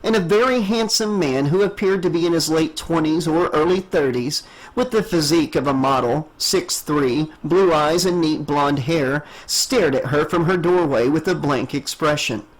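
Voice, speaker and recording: A man narrates an audiobook with a steady, measured delivery. His voice sits fairly high for a man. He reads clearly and evenly from line to line. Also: poor audio.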